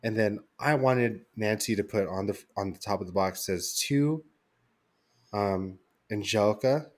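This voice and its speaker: A young man with a somewhat low voice chats loosely on a podcast. He tells his story in loose, meandering fashion, stopping and restarting often and leaning on filler words. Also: a little slow, darkish tone. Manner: rambling storytelling with many fillers. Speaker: podcast co-host. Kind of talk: casual chat.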